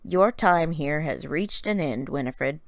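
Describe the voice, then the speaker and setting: A stern old professor, read by a woman in a storybook recap, speaking in a formal, measured way. Her voice sits a little low, and the sound is dry and close. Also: lively intonation, no echo.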